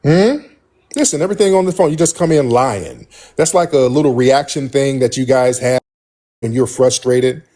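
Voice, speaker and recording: A man's voice: medium pitch, normal speed, mellow. A man hosting a livestream call-in debate, combative and repeating pointed questions at a caller. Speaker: livestream host.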